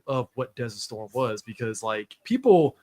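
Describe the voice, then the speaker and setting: A man's voice: mid-range voice, big pitch swings, moderate pace, darkish tone, dry recording. A man in his thirties co-hosting a podcast, talking emphatically and casually. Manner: emphatic, starts with repeated "look". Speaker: podcast co-host. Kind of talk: casual chat.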